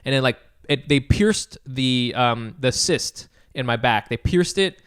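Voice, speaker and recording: A man's voice: mid-range voice, lively intonation, unhurried, fairly bright tone, smooth. A young man co-hosting a podcast, chatting casually and telling a rambling story with plenty of casual swearing. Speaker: podcast co-host. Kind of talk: casual chat.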